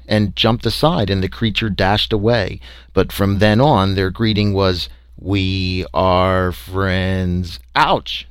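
Wry, low-voiced male storyteller. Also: no room sound. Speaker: audiobook narrator. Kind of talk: first-person story reading.

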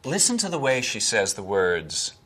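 A man's voice: mid-range voice, sing-song, moderate pace, fairly bright tone. A man breaking down film accents as a dialect coach, precise and enthusiastic, demonstrating sounds. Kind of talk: analytical commentary on film accents.

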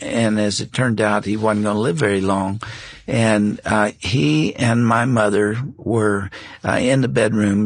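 An older man telling a personal faith story as a talk show guest, unhurried and reflective, pausing on fillers. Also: medium pitch, gravelly, slightly rough, no room sound.

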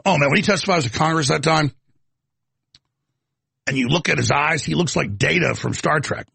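A male talk show host who rambles heatedly from one point to the next. His voice sits a bit high and is rough and gravelly, recorded dry and close. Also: moderate pace, sharp tone, no echo. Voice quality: gravelly, raspy. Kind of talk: talk radio rant.

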